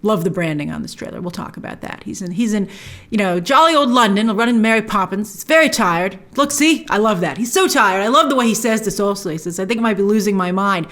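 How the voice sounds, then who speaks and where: A woman's voice: mid-range voice, lively intonation, fairly quick, a bit bright. A woman hosting a trailer breakdown, chatting enthusiastically with lots of restarts. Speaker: host.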